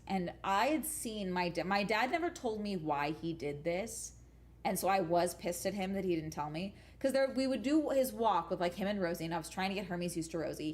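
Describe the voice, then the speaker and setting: A woman livestreaming from home, telling rambling stories to her chat in a casual, profane, emphatic way and tagging sentences with "okay?". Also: lowish voice. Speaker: livestream host chatting with viewers.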